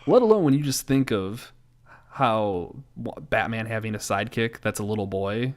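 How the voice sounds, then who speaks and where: A man co-hosting a podcast in casual movie-review chat, making wry jokes in a steady way. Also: on the low side, normal speed. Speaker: podcast co-host.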